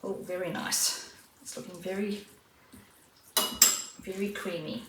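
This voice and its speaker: A woman vlogging as she cooks at home, talking in an unhurried, chatty way while she stirs, serves and tastes her food. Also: medium pitch, little pitch movement. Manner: unhurried, chatty, talks while cooking and tasting. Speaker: cooking vlogger. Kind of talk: casual cooking vlog narration. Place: home kitchen. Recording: roomy, distant mic, faint kitchen noise.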